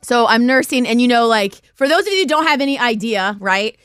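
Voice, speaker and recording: A middle-aged woman hosting a podcast, telling stories in casual chat on a live stream, animated and laughing often as she acts out quotes. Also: a little high, brisk, smooth, no room sound, clean studio sound. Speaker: podcast host.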